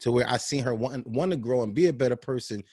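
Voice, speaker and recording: A man's voice: medium pitch, fast talker, husky, no room sound, studio quality. A young man from New Jersey co-hosting a podcast in casual chat, swearing and laughing often. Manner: animated, laughs a lot, swears. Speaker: podcast co-host.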